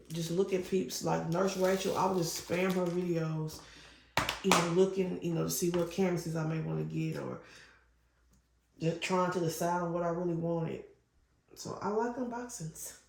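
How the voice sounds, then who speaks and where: Woman, middle-aged, gravelly voice, rambling casual chat, echoey room. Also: fairly low pitch, normal speed. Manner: rambling, chatty storyteller with fillers; gets loud and excited when retelling a scare. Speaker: crafting channel host. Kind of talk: casual chat while crafting. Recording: echoey room with faint noise.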